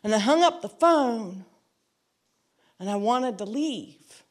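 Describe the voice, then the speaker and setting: A woman's voice: a little high, animated, slow pace. Earnest woman sharing a church testimony. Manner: earnest and reflective, repeating phrases for emphasis; acts out quoted dialogue in her story. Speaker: church member giving a testimony. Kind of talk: personal testimony.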